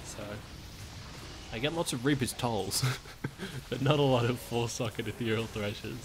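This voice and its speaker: A man's voice: mid-range voice, normal speed, noisy background. A man chatting casually on a game stream, laid-back, chuckling often and swearing casually. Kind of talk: casual gaming stream chat.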